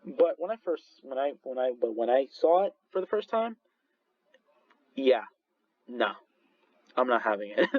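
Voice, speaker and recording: A man's voice: medium pitch, expressive, a little slow, long pauses, no echo, dull audio. A man reviewing movies in casual chat, rambling with many restarts and frequent laughs. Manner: rambling, full of restarts and fillers, laughs often.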